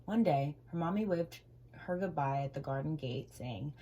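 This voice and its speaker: A woman reading a children's storybook aloud with gentle, expressive storytelling. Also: deep voice, normal speed, low-quality recording.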